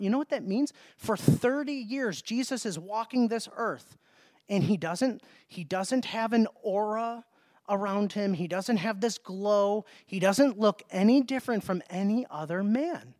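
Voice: medium pitch, a little slow, darkish tone, dry recording. A preacher giving a sermon, speaking emphatically, asking rhetorical questions and repeating words.

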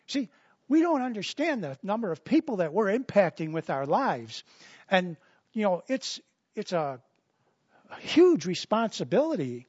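A man's voice: sits high, big pitch swings, a little slow, husky, dry recording, highs cut off. A man preaching a sermon as a pastor, in a conversational style full of repetitions and asides.

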